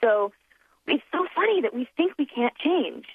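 A woman's high, lively voice comes at normal speed through a tinny phone line, and the recording is dry. As a guest accent performer in a casual interview, she reflects aloud in a chatty way, laughing often and peppering her talk with fillers and false starts.

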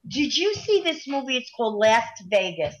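A woman's voice: fairly high pitch, very animated, normal speed. A woman chatting casually, agreeing eagerly and chiming in with her own stories. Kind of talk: casual chat.

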